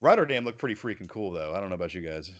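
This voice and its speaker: Male podcast host, lowish voice, rambling and self-correcting. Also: very animated, rapid-fire, dull audio. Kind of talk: casual chat.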